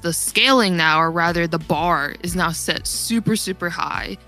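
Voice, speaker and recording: Young woman rambling about games, bright forceful voice, slightly low, kinda worn out voice. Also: normal speed, faint music behind. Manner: chatty, rambling, laughs often. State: losing her voice. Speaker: podcast guest. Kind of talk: casual gaming chat.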